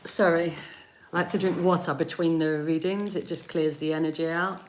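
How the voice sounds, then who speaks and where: A woman giving tarot readings on a live stream, chatting gently with viewers and softly repeating their names as she tunes in. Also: low voice, fairly even intonation, a little hiss or hum. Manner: slow, soothing, repeats names while tuning in. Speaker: tarot reader.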